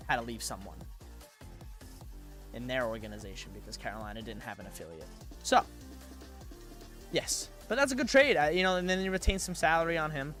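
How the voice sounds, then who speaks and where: A man's voice: mid-range voice, a bit bright. A young man rambling through live-stream sports commentary, thinking aloud and getting himself worked up.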